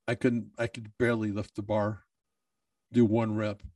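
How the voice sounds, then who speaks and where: A man's voice: on the low side, flat delivery, moderate pace, darkish tone, dry recording, far from the mic. A man who is a bodybuilder, talking in a candid personal monologue, emotional and swearing freely.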